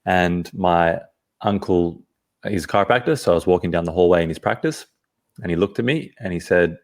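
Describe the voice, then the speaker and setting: A man, a podcast guest, telling a personal story in an earnest, halting way, often restarting his phrases. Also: low-pitched.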